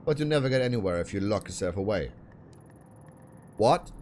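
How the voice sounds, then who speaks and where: A man reading lines for a scornful, abusive talent manager in a game, fairly low voice. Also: lively intonation, a little fast, dark tone, slight background noise, close to an everyday voice. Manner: scornful, bullying. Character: abusive middle-aged male talent manager, bullying.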